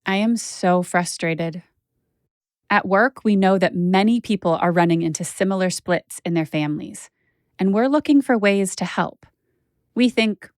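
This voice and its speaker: A woman's voice: medium pitch, unhurried, no room sound, studio quality. A woman journalist hosting a podcast, narrating her own story in a candid, conversational way with casual fillers.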